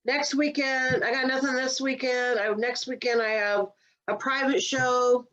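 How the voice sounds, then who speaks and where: A woman's voice: high voice, level tone, a little slow, a bit bright, highs cut off. A woman co-hosting a comedy podcast, chatting casually and rambling with lots of fillers. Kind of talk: casual chat.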